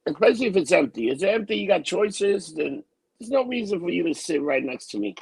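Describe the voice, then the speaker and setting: A man's voice: high-pitched, lively intonation, fairly quick, gravelly, darkish tone, slightly rough, dry recording, poor audio. A man co-hosting a podcast, venting bluntly and with lots of swearing in casual chat. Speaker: podcast co-host.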